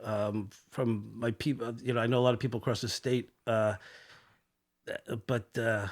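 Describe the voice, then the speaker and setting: Hombre de voz media que piensa en voz alta. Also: male voice, medium pitch, level tone, normal speed. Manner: hesitant, thinking aloud. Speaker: guest, school principal. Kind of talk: casual interview chat.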